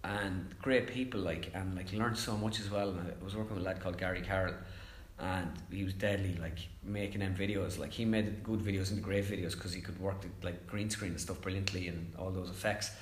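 A young Irish man chatting casually as a comedian guest, telling stories fast and acting out quotes. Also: low-pitched, fairly even intonation, echoey room, slight background noise. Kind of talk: casual chat.

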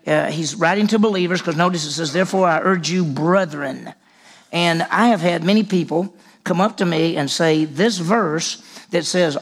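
Gravelly pastor guy preaching, asks the congregation stuff, goes quiet on big points. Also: on the high side. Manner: conversational preaching with questions to the congregation. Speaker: senior pastor. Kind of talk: sermon.

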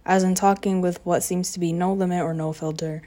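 A woman's voice: lowish voice, little pitch movement, a little fast, dark tone. Rambling teenage girl venting casually. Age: teens. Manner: rambling, oversharing, sarcastic, lots of fillers. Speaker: high school student vlogger. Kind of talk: casual confessional vlog. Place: home living room.

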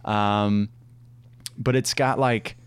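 A man's voice: on the low side, fairly even intonation, extremely slow, clear, resonant tone, no echo. A young man co-hosting a casual movie review chat, talking enthusiastically with many fillers.

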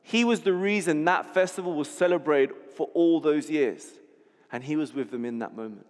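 A man's voice: on the high side, normal speed. A man preaching a sermon, telling a scene vividly and often restarting words as he goes. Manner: vivid storytelling, repeats words when restarting. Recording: long hall reverb.

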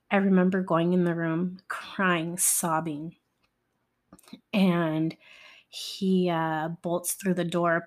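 A woman recounts her own story slowly, her voice sitting a little low. She talks in a halting, candid way, with frequent fillers and pauses and the odd blunt curse. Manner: candid, occasionally swearing. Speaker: survivor sharing her story. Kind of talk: personal storytelling.

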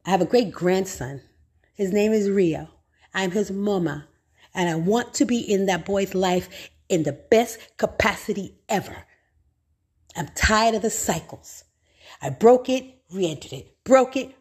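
A middle-aged woman preaching straight to her listeners, raw and full of swearing, calling them baby and y'all. She hammers her points home with repetition and gets louder as she gets worked up. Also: mid-range voice. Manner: emphatic repetition, rising with excitement. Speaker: podcast host. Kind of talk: motivational monologue.

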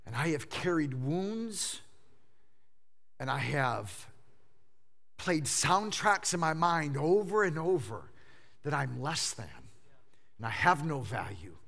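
A man in his fifties preaching a sermon, swinging between hushed low moments and loud emphatic outbursts, often stammering and repeating words as he pushes a point. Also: big pitch swings, slow pace, gravelly, long pauses. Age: 50s. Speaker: pastor.

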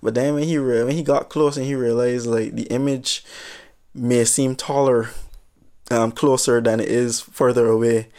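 A young man hosting a podcast, telling a comedic story in an animated, rambling way with mild minced oaths. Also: medium pitch, normal speed. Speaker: podcast host.

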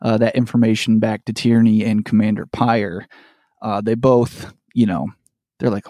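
A man's voice: on the low side, fairly even intonation, normal speed, warm tone, dry recording, clean studio sound. A man co-hosting a casual chat podcast, recapping a TV episode in a rambling way with restarts and laughter. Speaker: podcast co-host.

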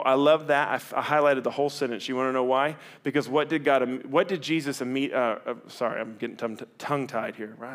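A man preaching a sermon to a church audience, animated and acting out the reluctant replies of his listeners. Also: on the high side. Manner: animated, acts out reluctant voices. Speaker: pastor.

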